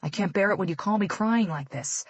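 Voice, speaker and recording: A woman voicing a protective, loving middle-aged father who speaks gently but firmly. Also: medium pitch, brisk, no echo, dull audio, natural voice.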